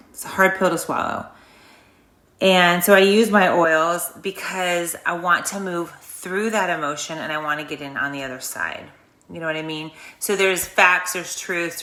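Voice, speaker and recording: A woman with a low, bright and forceful voice talks listeners through an emotional release exercise. She rambles in a chatty, earnest way. The room around her is echoey. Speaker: host of a wellness channel. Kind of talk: guided emotional release talk.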